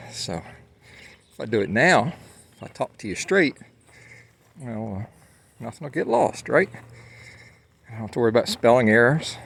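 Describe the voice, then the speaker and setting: A man's voice: lowish voice, creaky. A man talks to his viewers while out on a hike, rambling casually with many fillers and restarts. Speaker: vlogger. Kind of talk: casual walking monologue. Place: outdoors on a hike.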